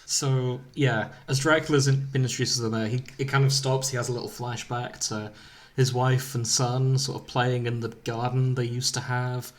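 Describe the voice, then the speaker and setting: Podcast co-host, man, mid-pitch, dry storyteller who laughs a lot. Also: level tone, normal speed. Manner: laughs often, paraphrases the story with dry asides. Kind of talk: casual chat, reading a fan fiction aloud.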